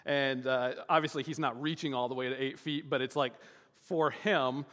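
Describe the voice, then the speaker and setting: Bright-voiced man telling a story in a hall. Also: medium pitch, fairly even intonation, normal speed. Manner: rambling, many fillers and restarts. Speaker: father telling a family story. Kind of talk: casual personal storytelling. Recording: long reverb, hall-like.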